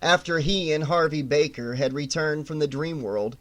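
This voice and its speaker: A man's voice: fairly high pitch, moderate pace, fairly bright tone. A man reading a horror story aloud as an audiobook, telling it dramatically in the first person and sometimes crying out. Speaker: audiobook narrator.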